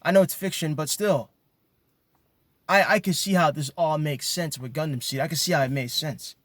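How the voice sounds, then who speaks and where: A man with a somewhat high voice rants emphatically straight to his viewers, stacking repeated words as he presses each point. The sound is close and dry, with no room around it. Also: normal speed, a bit bright, no echo. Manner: emphatic, ranting, repeats words when worked up. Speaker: video commentator. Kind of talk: impassioned monologue.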